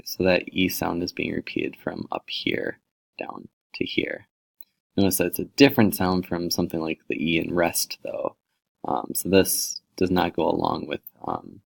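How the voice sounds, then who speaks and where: A man's voice: low voice, vocal fry. A man teaching a recorded poetry lesson, explaining sound devices and reading poems aloud, with frequent fillers.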